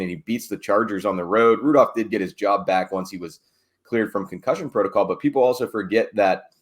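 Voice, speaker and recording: A man, a team beat reporter, chatting casually on a sports podcast with wry, digressive asides. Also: lowish voice.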